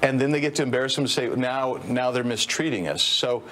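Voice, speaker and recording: A man commentator in a televised clip, talking haltingly with many restarts. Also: mid-range voice, fairly bright tone. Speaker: political commentator.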